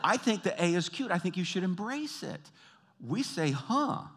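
A man from the American South with a Southern accent, performing an animated stand-up comedy routine. He tells stories and jumps into high, exaggerated voices. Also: normal speed, slight background noise. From Southern United States. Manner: animated storytelling, jumping into high put-on voices.

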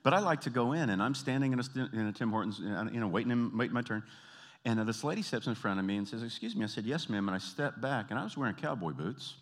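A man from the American South with a Southern accent, performing an animated stand-up comedy routine. He tells stories and jumps into high, exaggerated voices. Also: quick pace. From Southern United States. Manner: animated storytelling, jumping into high put-on voices.

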